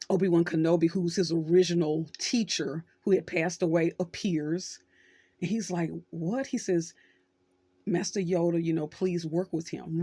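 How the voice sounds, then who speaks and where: A woman's voice: fairly low pitch, dark tone, no echo. A middle-aged woman hosting her channel, talking casually and telling a story with acted quotes. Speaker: social worker and channel host. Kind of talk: casual talk to camera.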